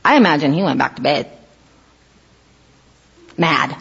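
A middle-aged woman giving a casual sermon, telling stories with lively acted-out quotes. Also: fairly low pitch, unhurried, gravelly, long pauses, slightly rough. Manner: animated storytelling, acts out quoted voices. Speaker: preacher. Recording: dull lo-fi audio in a reverberant hall.

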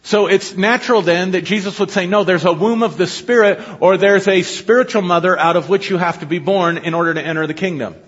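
Preaching quickly with hardly any pauses, a pastor teaches his congregation conversationally and frequently poses questions. His voice sits high, a bit bright with a breathy edge, captured in dull lo-fi audio with long hall reverb.

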